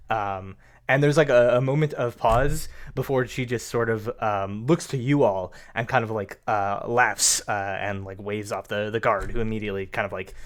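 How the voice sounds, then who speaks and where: Male game master, mid pitch, rambling and hesitant narration. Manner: hesitant, heavy with fillers.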